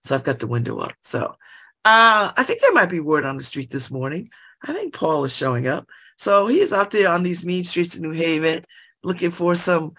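A middle-aged woman chatting casually at home by an open window, laughing often and breaking into animated asides. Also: fairly low pitch, normal speed. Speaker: vlogger. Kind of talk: casual monologue.

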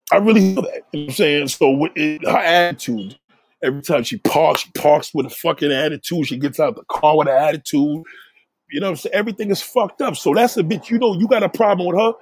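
A man's voice: fairly high pitch, husky, dry recording. A man talking in a blunt, profane casual rant, often repeating himself.

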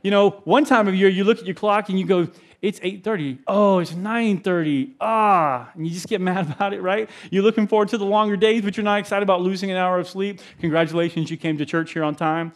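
A middle-aged man, a pastor, preaching a sermon with animated stories, chuckles and asides to the congregation. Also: high voice, fast talker, hardly any pauses.

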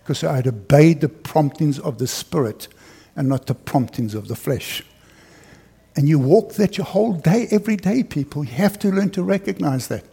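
A man's voice: on the high side, gravelly, mellow, husky. A middle-aged man preaching a sermon as pastor, telling a personal story earnestly and repeating key phrases for emphasis. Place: church.

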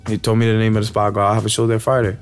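A man's voice: on the low side, completely flat delivery, racing, smooth, soft background music. A man co-hosting a podcast, telling stories in loose, profane street slang. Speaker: podcast co-host. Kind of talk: casual banter.

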